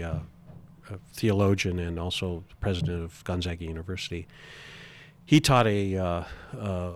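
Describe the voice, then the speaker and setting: A man's voice: low voice, slight background noise. A middle-aged man speaking earnestly as an interview guest, often stumbling and restarting his sentences. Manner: earnest, halting with repeated restarts. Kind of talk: reflective interview talk.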